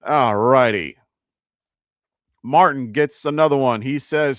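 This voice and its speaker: A man's voice: mid-range voice, slow pace, dry recording, clean studio sound. A man with a New York accent hosting a live fantasy football advice show, chatty and full of fillers and restarts.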